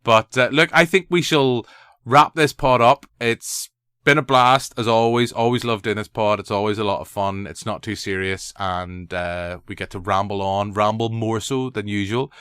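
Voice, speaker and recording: A Northern Irish man hosts a casual podcast, rambling along with a joke never far off. His voice is bright and crisp. The recording is dry and close. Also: on the low side, normal speed, no echo. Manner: rambling, jokey. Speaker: podcast host. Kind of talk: casual chat.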